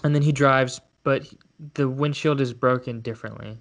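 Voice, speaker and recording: A young man co-hosts a casual podcast and recaps a film. His voice sits at an everyday middle pitch. He hesitates, restarts and laughs along as he talks. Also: fairly even intonation, creaky. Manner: halting, hesitant retelling with frequent laughs. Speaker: podcast co-host. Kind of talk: casual chat.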